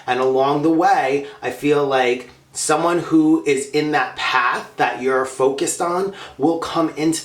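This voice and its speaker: A man's voice: mid-range voice, a bit bright, roomy sound. A man hosting a casual mukbang vlog, chatting and laughing as he eats candy. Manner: chatty, laughing, talking while eating candy. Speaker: vlogger.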